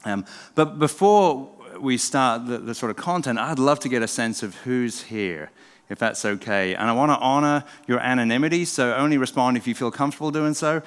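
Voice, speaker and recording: A middle-aged man from England with an English accent softened by a southern drawl, giving a relaxed, self-deprecating talk to a live audience as a former pastor. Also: mid-range voice, normal speed, smooth. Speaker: pastor and speaker. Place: church event hall. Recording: long hall reverb.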